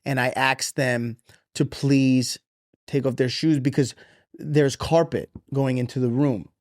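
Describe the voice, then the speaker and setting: A man's voice: mid-range voice, measured pace. A man in his thirties, a podcast co-host, telling a story in casual chat, cursing freely and acting out the voices of the people in it. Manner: profane, animated, acts out quoted voices.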